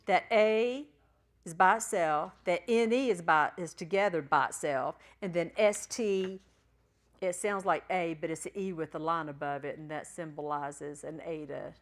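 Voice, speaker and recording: A woman teaching a church class, patiently spelling out letters and sounding out syllables slowly. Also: fairly low pitch. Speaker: Bible Greek teacher.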